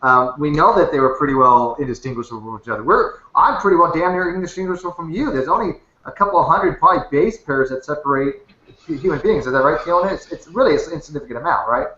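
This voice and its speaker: A man hosts a casual online discussion, talking quickly and restarting his sentences as he works through his questions. His voice is bright and forward. The audio is dull and picks up a roomy echo. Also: fairly high pitch, animated. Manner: thinks aloud with many restarts. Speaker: host and moderator. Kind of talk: casual debate chat. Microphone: webcam headset or desk mic.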